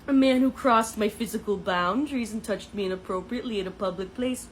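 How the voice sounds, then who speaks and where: A woman's voice: mid-range voice, fairly quick, hardly any pauses, slight background noise, low-quality recording. A young woman telling a dating story to her phone camera in a casual, dramatic, sarcastic way. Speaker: dating content creator.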